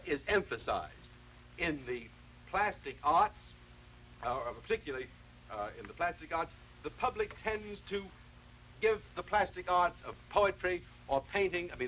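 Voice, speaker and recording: Man lecturing with deliberate restarts. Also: fairly high pitch, pushed and bright, slight background noise, rough recording. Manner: measured, deliberate explaining with frequent restarts. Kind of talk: televised philosophy lecture.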